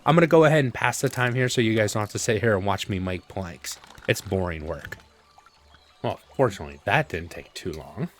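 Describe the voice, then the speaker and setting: Low-voiced man musing over gameplay. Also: fairly quick. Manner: relaxed, thinking aloud with fillers. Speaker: gameplay commentator. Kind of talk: casual let's-play commentary.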